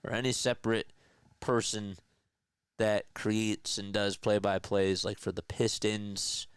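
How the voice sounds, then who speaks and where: A man hosting a casual live play-by-play stream, chatting with viewers and answering their comments between pitch calls. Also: fairly even intonation, slow, clean tone, no echo, clean studio sound. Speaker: livestream play-by-play host.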